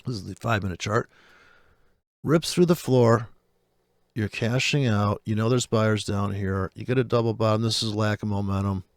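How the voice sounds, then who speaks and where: A man's voice: fairly low pitch, steady tone, moderate pace, dry recording, clean studio sound. A man giving blunt, profane, unscripted trading commentary over live charts, ranting and restless as he talks. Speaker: forex trading streamer.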